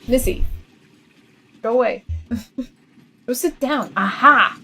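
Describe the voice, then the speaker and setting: A woman's voice: high-pitched, big pitch swings, extremely slow, a bit bright. A woman streaming a video game live, chatting casually, laughing often and scolding her cat between moves. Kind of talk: casual live-stream chat while gaming.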